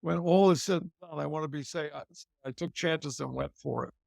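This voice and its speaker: A man's voice: a little high, brisk, creaky, darkish tone, no echo. An older man being interviewed about his career, chatting casually and repeating phrases for emphasis. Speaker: interview guest, TV host and author.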